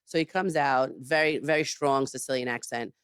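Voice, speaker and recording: A chef with a very deep, clear and resonant voice tells her story on a podcast at a moderate pace. She's animated and emphatic, filling her speech with "like" and "you know," in studio-quality audio with no room sound.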